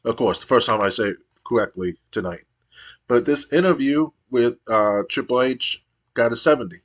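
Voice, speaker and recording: A man's voice: mid-range voice, lively intonation, moderate pace. A man narrating a wrestling sim playthrough as a game streamer, giving a play-by-play recap with casual asides.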